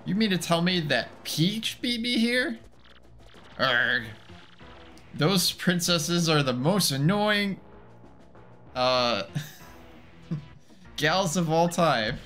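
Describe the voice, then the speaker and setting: A man puts on a blustering, short-tempered turtle king from a video game. He growls out boasts in a bright voice that jumps all over. Faint game music plays behind. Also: on the high side, expressive, drawn-out words, long pauses, heavily acted. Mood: outraged.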